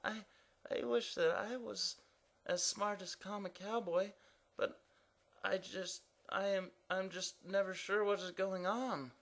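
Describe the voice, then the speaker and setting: A man voicing a confused, timid male question mark character who speaks quietly and stammers. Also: high voice, steady tone, measured pace, gravelly, voice pushed up, full character voice. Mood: unsure.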